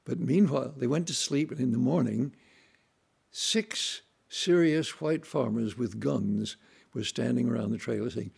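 An older man reminiscing about his childhood in a relaxed, anecdotal storytelling way, now and then acting out voices and sounds. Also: medium pitch, unhurried, gravelly, husky. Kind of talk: unscripted reminiscing monologue.

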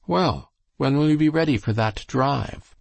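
A man's voice: medium pitch, expressive, a little slow, vocal fry, dry recording, pitched above the performer's own voice. A man voicing a boastful young man who chaffs his rival in a storybook reading. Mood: taunting.

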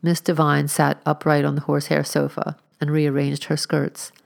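A woman narrating a storybook in a measured, wry manner. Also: sits low, monotone, gravelly. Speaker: audiobook narrator. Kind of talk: scripted narration.

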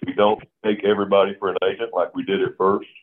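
A man's voice: sits low, little pitch movement, fast talker. A man guesting in a casual interview, plainspoken and earnest as he tells stories from his business. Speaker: insurance agency owner, guest. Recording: tinny phone-like line.

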